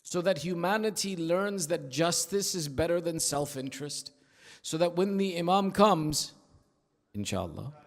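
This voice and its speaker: A male preacher giving an emphatic, rhythmic sermon at an Islamic center, telling stories and dropping into hushed asides. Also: fairly high pitch, a little slow. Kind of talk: sermon with storytelling. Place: large prayer hall of an Islamic center. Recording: long hall reverb.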